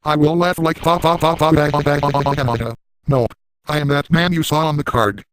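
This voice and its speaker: Guy doing a sleazy boastful cartoon dad, kinda high voice, super dry close sound. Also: a little fast, no room sound, close to an everyday voice, rough recording. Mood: smug. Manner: gleefully crude, boastful. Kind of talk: first-person narrated fan story.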